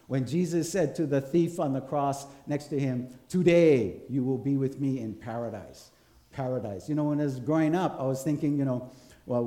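Mellow-voiced preacher in a roomy church. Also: male voice, fairly high pitch. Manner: storytelling, checking in with the congregation. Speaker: pastor. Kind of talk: conversational sermon. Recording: roomy hall echo.

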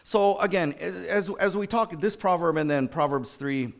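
A man sharing a story in an informal church talk, animated, with many fillers and restarts. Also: fairly high pitch, a little slow, creaky. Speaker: school district staff sharing a testimony at church.

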